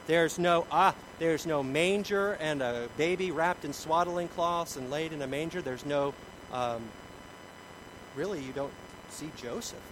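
A middle-aged man preaching a sermon, telling stories about himself in an animated way, with big swings in loudness. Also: on the high side, unhurried, slight background noise, rough recording. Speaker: pastor.

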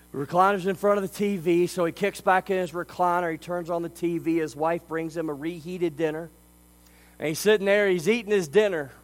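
A man's fairly high voice carries an as he preaches from the pulpit. His delivery is emphatic, dropping low and soft and then climbing loud with conviction. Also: poor audio. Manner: emphatic preaching, swinging between quiet and loud. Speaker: pastor. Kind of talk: sermon.

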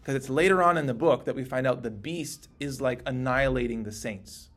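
A man teaching a casual Bible class, talking in a conversational, animated way and acting out the scripture he quotes. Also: mid-range voice, brisk.

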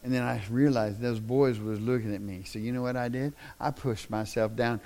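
A middle-aged man preaching a sermon in a folksy, plain-spoken way that swells into loud, impassioned shouting. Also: mid-range voice, steady tone, normal speed. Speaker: pastor.

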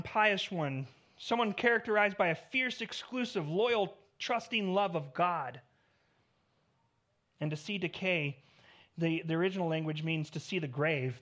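Earnest in tone, a male pastor preaches a sermon, raising his voice on key points and sinking low at the end of each phrase.

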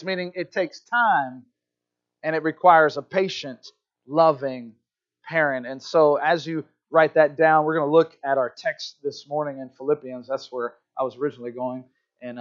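High-voiced pastor telling a story. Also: male voice, fairly bright tone, muffled recording. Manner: conversational, self-deprecating storytelling with frequent restarts. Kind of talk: sermon. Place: church sanctuary.

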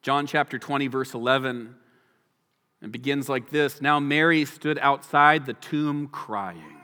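A man preaching a sermon as pastor, animated, acting out the people in the story. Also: mid-range voice. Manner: animated, acts out the people in the story in quick voices. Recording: long hall reverb.

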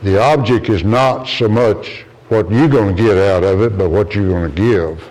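A man's voice: normal speed, a little mellow, rough recording. A man preaching a sermon to a congregation in an earnest, storytelling way. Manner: earnest, storytelling, rises in pitch when quoting others.

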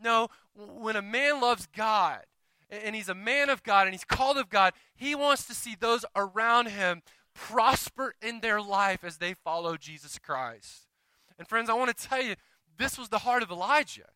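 A man preaching a sermon as pastor, moving between loud emphatic calls and quiet, hushed asides, often voicing what people might say. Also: sits high, animated, moderate pace, clear, resonant tone, dry recording, poor audio.

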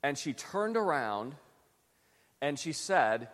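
A man's voice: mid-range voice, normal speed, in a large hall. A man from Western New York preaching a sermon, telling a story in a chatty, self-deprecating way with frequent restarts. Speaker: pastor.

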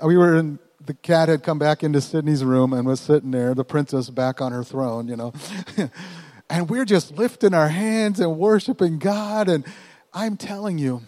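A man preaching at a church, telling a story in a folksy, animated way with chuckles in between. His voice sits a bit higher than most men's. A long reverb trails off each phrase, as if in a large hall. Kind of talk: sermon storytelling.

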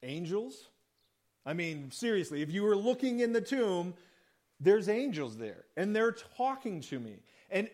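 Male pastor, high pitch, casual sermon delivery that acts out the quotes. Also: a little mellow. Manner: conversational preaching, acts out quoted lines.

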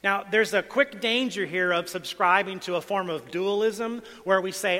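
A male pastor preaching a sermon, swinging between quiet asides and loud emphatic lines. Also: sits high, normal speed, few pauses. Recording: long hall reverb.

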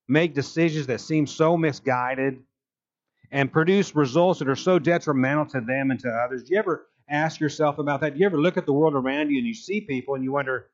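A man's voice: fairly high pitch, dull audio. An older man preaching a sermon as a pastor, telling a story earnestly and voicing the characters' lines. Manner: storytelling, earnest, with voiced quotes.

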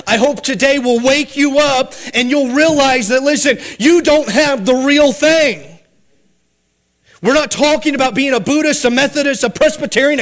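High-pitched guy preaching hard, voice swooping up then way down for emphasis. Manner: emphatic preaching, rising and dropping sharply for emphasis. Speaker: pastor. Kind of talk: sermon.

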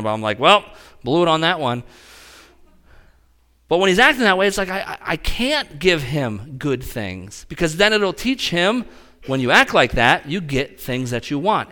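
A man preaching a conversational sermon as a pastor, talking straight to his congregation in an animated way. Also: medium pitch, clear, resonant tone.

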